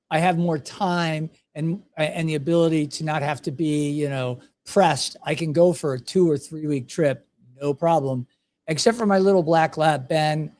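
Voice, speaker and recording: A man's voice: on the high side, darkish tone. A man, hosting a podcast and telling casual, self-deprecating stories. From United States. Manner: chatty, self-deprecating, anecdotal. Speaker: podcast host. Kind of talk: casual storytelling.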